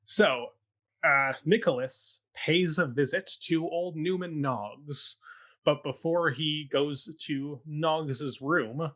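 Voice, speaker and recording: Chatty, bright-voiced young man. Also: a little high, slow. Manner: chatty and sarcastic, mock-quoting characters with laughs. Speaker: podcast co-host recapping a stage production. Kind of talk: casual chat.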